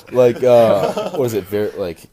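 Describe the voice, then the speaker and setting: A man co-hosting a casual podcast, bantering in a loose, slangy way. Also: medium pitch. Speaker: podcast co-host.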